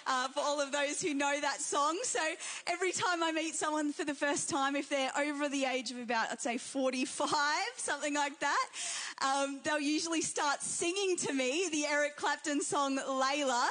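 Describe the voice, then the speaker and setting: A young woman with an Australian accent delivers an emphatic sermon. Her voice sits high, and she repeats her main phrases to drive them home. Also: normal speed, fairly bright tone. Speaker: pastor.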